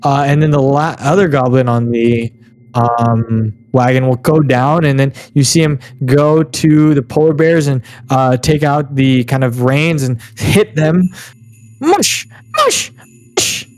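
A man's voice: mid-range voice, fairly even intonation, a little mellow, no echo. Man narrating as game master. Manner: loose, halting narration with many fillers.

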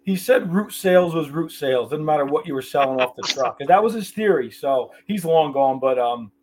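A man's voice: fairly high pitch, lively intonation, a little fast, noisy background. A middle-aged man, a podcast guest, telling casual stories in a blunt, joking, profane way over a video call. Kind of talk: casual storytelling.

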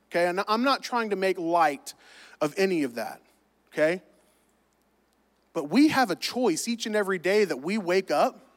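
A man's voice: high-pitched, long reverb tail. A middle-aged man, preaching a sermon in a church and joking with the congregation. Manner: humorous, animated preaching with asides to the congregation. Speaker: pastor.

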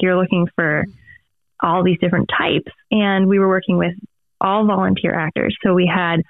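A woman's voice: fairly low pitch, gravelly, dry recording. A woman guest on a podcast, talking casually and rambling through tangents with lots of fillers. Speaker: podcast guest, audio theater director. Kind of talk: casual interview chat. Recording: phone-like dry remote line.

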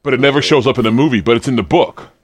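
A man co-hosting a podcast in casual chat, rambling and letting his sentences trail off quietly. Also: medium pitch, rapid-fire, no echo, clean studio sound. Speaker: podcast co-host.

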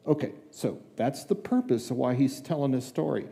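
A man's voice: mid-range voice, expressive, moderate pace, vocal fry, dark tone, big-room sound. An older man giving a conversational sermon as a guest preacher in a church, chatty and folksy, acting out little dialogues with asides. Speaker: guest preacher, district superintendent. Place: church sanctuary.

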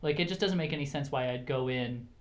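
A man's voice: mid-range voice, quick pace. A man co-hosting a casual movie chat, talking in a hesitant, reflective way with lots of fillers. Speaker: podcast co-host.

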